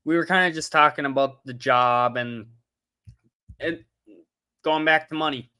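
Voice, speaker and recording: A young man hosts a casual livestream, chatting loosely with viewers and frequently losing his train of thought. His voice is fairly high, pushed and bright, with a clean tone and an unhurried pace.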